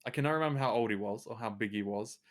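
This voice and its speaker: A man's voice: lowish voice, rapid-fire. A man telling a rambling holiday story in a casual chat. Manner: easygoing, rambling, laughs at his own stories.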